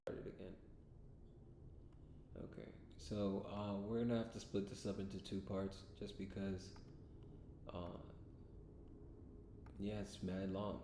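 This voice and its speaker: Gravelly low-voiced man rambling a story. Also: little pitch movement, a little slow, pauses often, dark tone. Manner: rambling, laid-back, full of fillers. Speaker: vlogger. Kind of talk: casual storytelling to camera. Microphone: self-recorded camera mic. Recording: echoey room with faint rumble.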